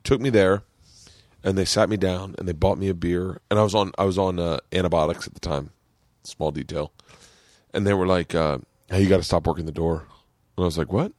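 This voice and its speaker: A man's voice: low voice, brisk, no room sound, clean studio sound. A man hosting a podcast, telling rambling stories in casual chat and laughing often. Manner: rambling, excitable storyteller who laughs a lot. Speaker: podcast host.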